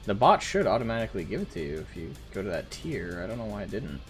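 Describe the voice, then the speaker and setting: A man hosting a gaming stream, chatting in a relaxed way with dry humor. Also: lowish voice, quick pace, soft background music. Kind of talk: casual gaming chat.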